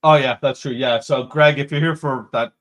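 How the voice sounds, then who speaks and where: A man's voice: medium pitch, fairly even intonation, moderate pace, a bit bright. A man hosting a casual live-stream show from home, cheerfully greeting chat viewers one after another. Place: home room with a computer.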